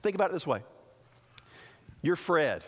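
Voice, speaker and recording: Man, pastor, lively sermon, acts out quotes, high voice, reverberant church hall. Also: moderate pace, husky. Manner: animated preaching, voices quoted excuses.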